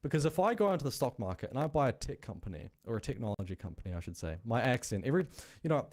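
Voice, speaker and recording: Racing along in a mid-range, slightly mellow voice, this man is very animated as he hosts a crypto show. His accent is noticeably non-American, and he explains things casually, bluntly and chattily, as if thinking out loud.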